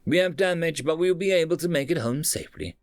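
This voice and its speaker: A man's voice: on the high side, quick pace, no room sound, soft background music, pitched above the performer's own voice, lightly acted. A man voicing a blunt, commanding starship captain who gives firm, clipped orders in a raised voice.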